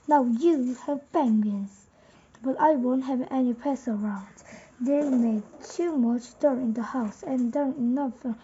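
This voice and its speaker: A woman with a Korean accent reading the lines of a stern, practical housewife in a halting way, with a husky voice. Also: high-pitched, warm tone, highs cut off, slight background noise.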